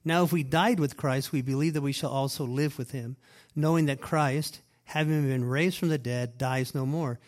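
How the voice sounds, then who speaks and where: A pastor speaking in a mid-range voice at a moderate pace reads scripture during his sermon. He drives his explanation with repeated emphatic phrases, both loud stresses and quiet asides.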